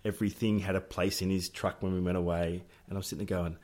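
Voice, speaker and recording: A man's voice: low-pitched, flat delivery, fast talker, a little mellow. A middle-aged Australian man co-hosting a podcast, telling family stories in a jokey way and laughing often. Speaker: podcast co-host. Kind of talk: casual storytelling chat.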